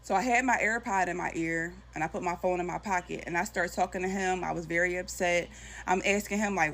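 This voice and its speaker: A woman's voice: on the low side, a little fast, a bit bright, slight background noise. A young adult woman telling a personal story in casual chat to her viewers, with lots of "like.". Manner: chatty, talks to viewers, fills with "like". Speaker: storytime vlogger.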